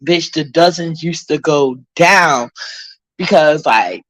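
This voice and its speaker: A woman's voice: low-pitched, slow, no room sound. A woman from Harlem, chatting casually as a vlogger and reading viewer comments in a blunt, rambling way. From Harlem, New York. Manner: blunt, profane, rambling with many fillers.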